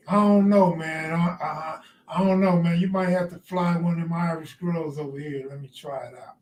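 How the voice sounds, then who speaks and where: A man's voice: on the high side, darkish tone, roomy sound, recorded from a distance. A man hosting a casual live stream, joking loosely with his chat and laughing often. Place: outdoors near the ocean.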